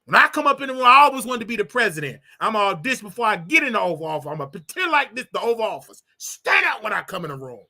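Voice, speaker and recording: A man hosting a casual livestream, talking straight to his viewers in an animated, repetitive way with preachy asides. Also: high voice, racing, few pauses. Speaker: livestream show host.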